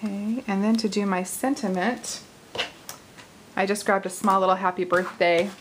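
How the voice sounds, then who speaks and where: A woman's voice: mid-range voice, steady tone, normal speed, poor audio. Friendly craft host, woman in her forties, talks while she works, light laughs, slight hiss behind. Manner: chatty, laughs easily, thinks aloud while working. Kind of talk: casual card-making tutorial.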